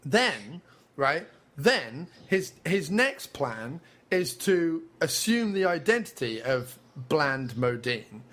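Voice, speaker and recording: A man's voice: on the high side, very animated, takes it slowly, fairly bright tone. A man co-hosting a film podcast in casual chat, bluntly and scornfully tearing into a movie.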